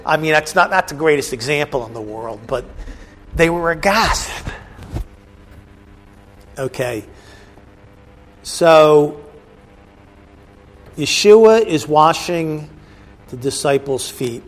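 A man's voice: on the high side, expressive, takes it slowly, long pauses, a little hiss or hum. A man teaching a bible class, explaining a passage with casual asides to the listeners. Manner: conversational, asides to the audience.

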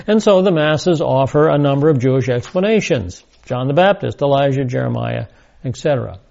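Guy with a gravelly dark voice doing a bible study class, slow and emphatic, kinda dull lo-fi sound. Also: mid-range voice, lively intonation. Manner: deliberate, emphatic, repeats key words. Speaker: Bible teacher.

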